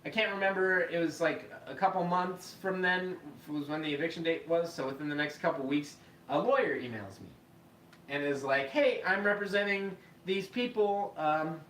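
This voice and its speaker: A man hosting a podcast, telling a story casually with lots of swearing and animated acted-out quotes. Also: high voice, moderate pace. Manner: profane, animated, acts out quoted voices. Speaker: podcast host. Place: live podcast room. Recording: echoey room, mic far off, faint noise.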